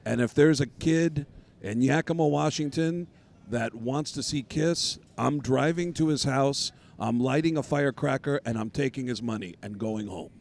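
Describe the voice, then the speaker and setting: Guy doing a big-headed rock star bit, loud, pushy, all swagger. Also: mid-range voice, normal speed, creaky, natural voice. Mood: boastful. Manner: brash, self-mocking salesman bluster. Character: boastful, money-minded middle-aged male rock star. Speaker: comedian guest.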